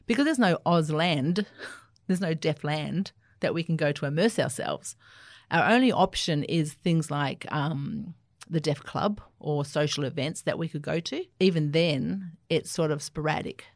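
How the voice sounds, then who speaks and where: An Australian woman, an Auslan interpreter, answering interview questions in an animated, explanatory way. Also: sits low, measured pace, dry recording, studio quality. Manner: animated, explanatory, laughs easily.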